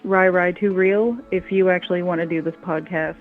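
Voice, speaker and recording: A man's voice: sits high, steady tone, moderate pace, narrow, tinny audio, soft background music. Joking man from New England. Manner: joking, self-deprecating, laughs a lot. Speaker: guest on stream. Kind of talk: casual livestream chat.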